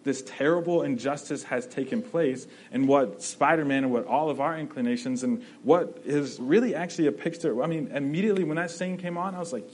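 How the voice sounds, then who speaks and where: A man's voice: fairly high pitch, fairly quick, hardly any pauses, darkish tone, a little hiss or hum, low-quality recording. Conversational male preacher, often asks "right?". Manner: conversational, often asks 'right?', restarts phrases. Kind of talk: sermon.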